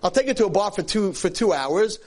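A man preaches in a storytelling sermon, his voice husky and a little breathy. His pitch leaps and dips as he acts out the tale, keeping the delivery animated throughout. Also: fairly quick. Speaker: Jewish lecturer.

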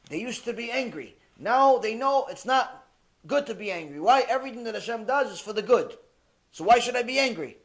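A man delivering a religious ethics lecture, telling stories in an animated way and mixing in Hebrew terms. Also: high-pitched. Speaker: Torah lecturer.

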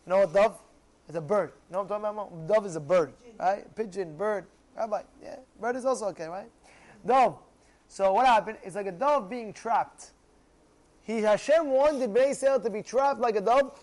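A man's voice: very high voice, brisk, darkish tone, rough recording. A man giving a Torah class, quizzing his listeners and acting out pleas to God. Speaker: Torah teacher.

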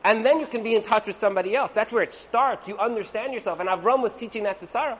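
A man's voice: high-pitched, fast, a bit bright. A man giving a casual evening class on Torah and marriage, chatty and full of rhetorical questions, acting out quoted voices. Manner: conversational, asks rhetorical "right?", acts out quoted voices.

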